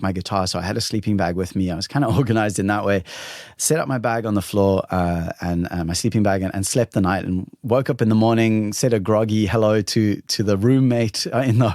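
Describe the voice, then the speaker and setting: A man in his thirties hosting a solo podcast, telling a personal story in an animated, excited way and acting out the dialogue. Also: lowish voice, no room sound, clean studio sound. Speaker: podcast host.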